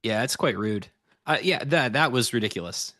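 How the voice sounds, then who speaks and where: A man's voice: mid-range voice, lively intonation, normal speed, sharp tone, dry recording, studio quality. A man co-hosting a live futures trading stream, chatting easily and laughing often. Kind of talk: casual live-stream banter.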